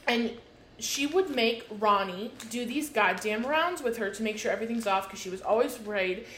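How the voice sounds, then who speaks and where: A woman's voice: fairly high pitch, normal speed, a bit bright. Exasperated swearing young woman. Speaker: podcast co-host. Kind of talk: casual storytelling chat. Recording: echoey room with faint noise.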